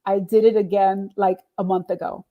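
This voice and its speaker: A woman's voice: medium pitch, normal speed, phone-quality sound. A middle-aged woman, a singer and radio DJ, telling stories in a casual interview and acting out the voices she quotes. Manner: animated, acts out quoted voices with laughs.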